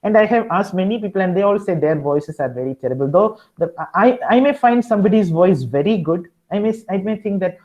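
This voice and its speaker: A man's voice: high-pitched, animated, brisk, hardly any pauses, darkish tone, low-quality recording. A man with an Indian English accent giving a webinar lecture, coaching listeners directly and repeating key advice. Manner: repetitive, encouraging, addresses listeners directly. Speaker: guest lecturer.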